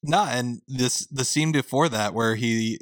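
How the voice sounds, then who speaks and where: A man's voice: mid-range voice, measured pace, a bit bright, no echo. A man in a casual podcast chat, often tripping over his first words before making his point. His voice sits dry and close to the mic. He laughs easily along with the others. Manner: stammering restarts, easy laughter. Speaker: podcast co-host. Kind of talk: casual movie review chat.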